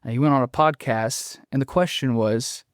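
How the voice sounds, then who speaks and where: Male guest explaining ideas, halting and thoughtful, dry close mic. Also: mid-range voice, no echo. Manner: thoughtful, explanatory, frequent ums and restarts. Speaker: podcast guest. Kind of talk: casual conversational interview.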